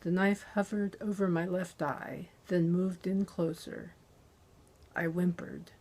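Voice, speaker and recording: Woman author, slow and deliberate reading of her crime novel, close on a dynamic mic. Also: on the low side, flat delivery, darkish tone, husky. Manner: measured, deliberate narration. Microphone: close handheld dynamic USB mic.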